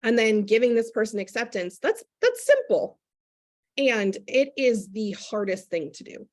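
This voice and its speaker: A woman's voice: fairly high pitch, normal speed, darkish tone. A woman speaking as a guest in a candid conversation, earnestly and reflectively explaining parenting step by step.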